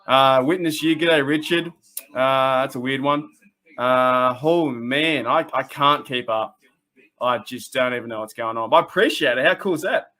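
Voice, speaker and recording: An Australian man hosting a casual fan livestream, excitable and rambling, often restarting his sentences and laughing as he reads the chat. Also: medium pitch, normal speed. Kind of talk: casual live-stream chat.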